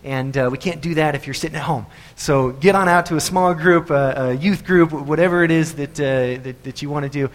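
A man's voice: a little high, brisk, hardly any pauses, big-room sound. A male pastor giving a sermon in a church, talking in a loose, conversational way full of fillers and restarts. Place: church sanctuary.

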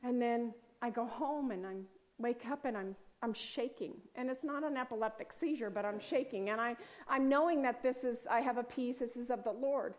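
A woman's voice: on the high side, normal speed. Earnest woman telling a spiritual testimony. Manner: earnest and rambling, often dropping to a soft near-whisper. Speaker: speaker sharing a faith testimony.

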